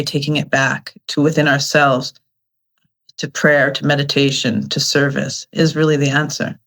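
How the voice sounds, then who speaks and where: A woman hosting a spiritual talk show, reflective and affirming as she sums up her guest's point. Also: low-pitched.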